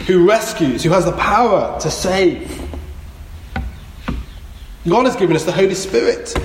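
A man preaching a sermon, earnest and exhorting, repeating his key phrases. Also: high voice. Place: church. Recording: echoey church hall, faint noise.

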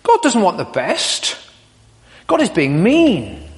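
A man's voice: high voice, huge pitch swings, slow, long reverb tail, voice pushed up, full character voice. A man voicing a sly, tempting male serpent who speaks in a wheedling, insinuating way. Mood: scornful.

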